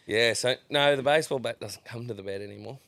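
A man, a guest on a chat podcast, telling sweary, animated stories. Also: medium pitch, fast talker, creaky, no room sound. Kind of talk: casual chat.

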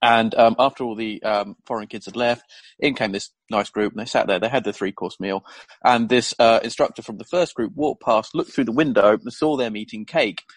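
Husky man telling a story. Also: on the low side, moderate pace, dry recording. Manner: animated storyteller who acts out the people he quotes. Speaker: guest telling stories. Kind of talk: casual anecdote.

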